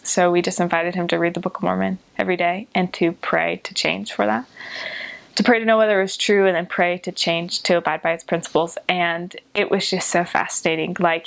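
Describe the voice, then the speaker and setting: A young woman, a former missionary, telling a story casually with lots of "like", jumping into high voices when she quotes people. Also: vocal fry. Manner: animated, lots of filler "like", jumps into high voices when quoting.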